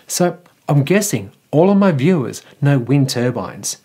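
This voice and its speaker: A man's voice: mid-range voice, big pitch swings, measured pace, mellow, breathy edge. An Australian man hosting a casual electric vehicle news vlog, chatty and jokey with enthusiastic asides.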